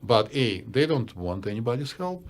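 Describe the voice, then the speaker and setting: A man with a Russian accent, a psychiatrist co-hosting a casual podcast chat, blunt and opinionated, often pausing on "uh". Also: mid-range voice, very animated. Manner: blunt, opinionated, hesitant with uh fillers. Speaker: psychiatrist co-host.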